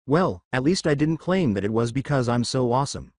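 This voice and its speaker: An earnest young male ninja from a fan-made story, read by a man. He speaks plainly and sincerely, with a voice that moves a lot in pitch. The sound is dry and close. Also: lively intonation, a little fast, a little mellow, no echo, lightly acted.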